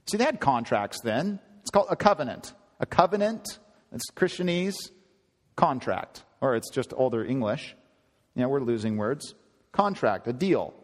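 A man preaching in a casual, conversational way, his voice jumping higher when he stresses a point. His voice carries a long hall reverb, as if from a church hall. His pitch sits mid-range for a man. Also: normal speed. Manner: conversational, animated, rising to high emphasis. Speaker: pastor. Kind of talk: sermon.

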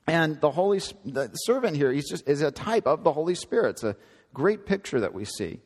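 A man's voice: on the high side, very animated, brisk, a little mellow, big-room sound. A man preaching a sermon in an earnest, emphatic teaching manner, often repeating and correcting himself.

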